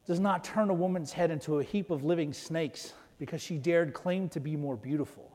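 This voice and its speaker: A male pastor giving a conversational sermon, swinging between loud emphasis and soft asides. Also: fairly high pitch, moderate pace, few pauses. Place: church. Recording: long reverb of a church hall.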